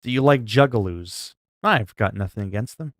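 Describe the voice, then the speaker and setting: Low-voiced man laughing through a story. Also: expressive, no room sound. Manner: laughing, storytelling, halting restarts. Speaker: livestreamer. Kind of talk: casual chat with viewers.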